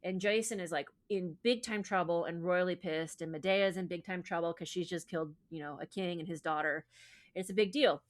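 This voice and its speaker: A woman's voice: lowish voice, a little fast. A woman podcast host retelling a myth in casual chat, with lots of fillers and profanity. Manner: chatty, profane, filler-heavy.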